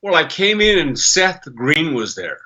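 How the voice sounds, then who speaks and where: Bright-voiced older voice actor. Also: male voice, a little high, unhurried. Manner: animated storyteller who slips into character voices. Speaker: voice actor guest. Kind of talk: podcast interview.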